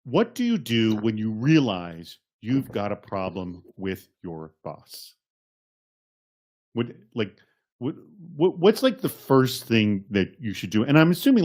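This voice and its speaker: An energetic man hosts a live online show, running through the plans in a loose, rambling way. He often corrects himself mid-sentence. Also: lowish voice, measured pace. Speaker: host. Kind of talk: live webcast hosting.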